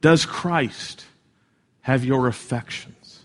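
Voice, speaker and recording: Slow-paced earnest male preacher. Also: mid-range voice. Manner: earnest preaching, swells louder for emphasis and drops soft. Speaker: pastor. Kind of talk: sermon.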